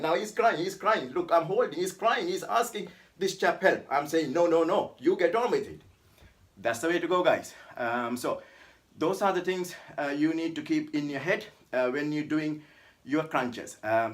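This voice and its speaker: A man giving a casual workout tutorial as a fitness instructor, talking in a chatty, repetitive way and often calling his viewers "guys". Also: a little high. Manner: chatty, repeats "guys" and "right?", calls the abs "this man".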